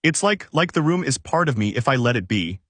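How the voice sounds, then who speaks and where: A man voicing a curious, earnest teenage boy wizard, speaking quietly and sincerely in a plain storybook reading. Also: medium pitch, very animated, brisk, no echo.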